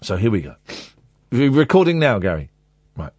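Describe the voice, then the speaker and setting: A man's voice: medium pitch, sing-song, normal speed, pauses often, a little mellow, no room sound. A man hosts a late-night radio phone-in, joking and rambling with a voice that swoops up and down. He slips into mock-sincere readings. The studio mic is close and dry. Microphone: studio microphone.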